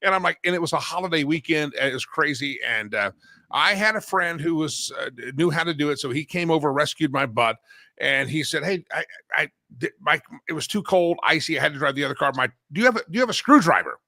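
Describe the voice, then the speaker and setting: A man hosting a talk show, telling stories in a lively, animated way with frequent laughs and sudden loud bursts. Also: fairly high pitch, fast talker, dry recording, clean studio sound. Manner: animated storyteller, laughs often, swings loud. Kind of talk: casual talk show banter.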